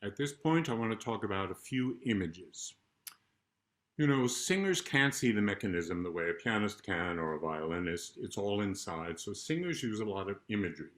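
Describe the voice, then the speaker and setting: An older man, a choral conductor, calmly explaining a vocal warm-up to singers. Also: fairly low pitch, normal speed. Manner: calm explanatory coaching, breaks into sung demonstrations. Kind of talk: vocal warm-up instruction with demonstrations. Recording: roomy sound with loud piano accompaniment.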